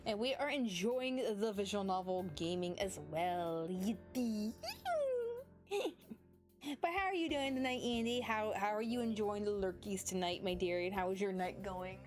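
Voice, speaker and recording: A woman's voice: medium pitch, normal speed, faint music behind. A woman streaming a visual novel, chatting playfully and casually with her viewers. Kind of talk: casual game streaming commentary.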